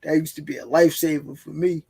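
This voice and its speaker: Gravelly high-voiced man. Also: flat delivery, quick pace, warm tone, a little hiss or hum. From Baltimore. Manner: laid-back, loose, peppered with "you feel me". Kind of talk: casual chat.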